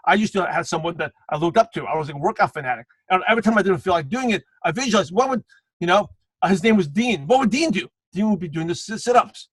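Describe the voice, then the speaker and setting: High-voiced man coaching a sales team. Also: fast talker, husky, no echo, rough recording. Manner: animated coaching, addresses viewers by name, punchy repeated slogans. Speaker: guest trainer. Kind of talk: motivational sales training on a live video call.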